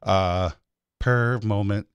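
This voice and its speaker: A man's voice: fairly low pitch, very slow, clean tone, no echo. A man hosting a talk show from a studio, chatting casually with loose, crude teasing. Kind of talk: casual joking chat. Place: radio studio.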